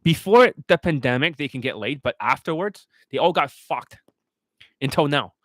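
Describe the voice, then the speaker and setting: A man's voice: fairly high pitch, lively intonation, normal speed, a bit bright, no echo. A man giving a profane, scornful monologue as a dating coach, ranting aggressively.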